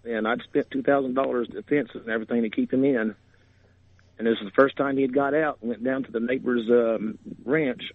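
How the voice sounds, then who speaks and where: A man calling into a radio show, speaking hesitantly and haltingly, upset. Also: medium pitch, steady tone. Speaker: caller. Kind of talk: phone-in caller. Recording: tinny phone line.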